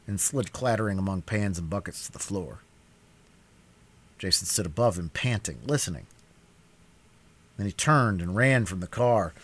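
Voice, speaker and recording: Man, novel narration, cold read, expressive, husky, low-pitched, animated. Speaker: reader of a novel on a live stream.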